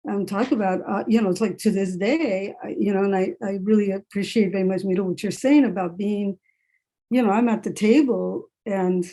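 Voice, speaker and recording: Warm-voiced woman speaking candidly. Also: mid-range voice, a little fast. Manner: candid, conversational, repeats phrases for emphasis. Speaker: writer and English professor. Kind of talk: panel discussion. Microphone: video call.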